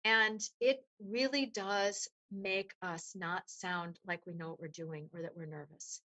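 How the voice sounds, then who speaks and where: Woman voice coach, bright voice, explains stuff with energy. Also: lowish voice, unhurried. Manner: animated, explanatory, demonstrates vocal resonance. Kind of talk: interview conversation.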